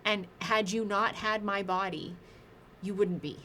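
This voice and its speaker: A woman author as a podcast guest, speaking thoughtfully and earnestly in a soft, reflective way. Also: medium pitch, fairly even intonation, a little slow, slight background noise. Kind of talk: reflective conversational interview.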